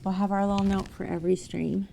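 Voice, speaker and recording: A woman's voice: mid-range voice, level tone, quick pace, creaky, warm tone, slight background noise. A woman live streamer chatting casually with her viewers, emotional and sentimental.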